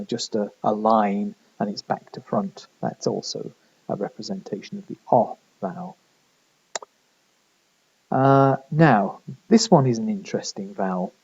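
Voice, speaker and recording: A linguistics lecturer from the Midlands of England, with a northern English accent, gives a recorded lecture full of fillers and restarts. His voice is lowish and darkish with a breathy edge, and the sound is lo-fi.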